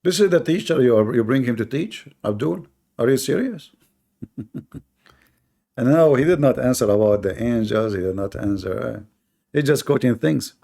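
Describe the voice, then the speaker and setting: A man's voice: medium pitch, lively intonation, moderate pace, gravelly, long pauses, mellow. A man in a live online debate, combative and scornful, repeating points for emphasis in non-native English.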